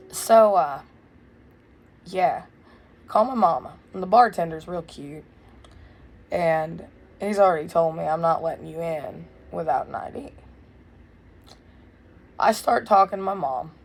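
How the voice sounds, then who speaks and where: A young woman telling a wild story in a casual, blunt, profane way, loud and animated. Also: on the low side, creaky. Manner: blunt, profane, swears freely. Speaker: vlogger.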